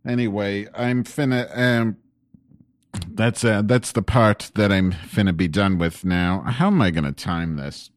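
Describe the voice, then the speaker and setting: Brief: a man with a very deep voice and a close, dry sound, rambling profanely between bits. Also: unhurried, dry recording. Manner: mock-earnest, then muttering and swearing to himself. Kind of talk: casual profane rambling aside.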